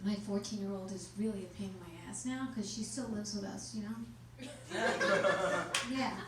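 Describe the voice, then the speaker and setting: A middle-aged woman doing a stand-up comedy set on stage in a small club, delivering deadpan punchlines with sudden shouting bursts. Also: mid-range voice, moderate pace, background noise. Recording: echoey club from far off. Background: small crowd laughing.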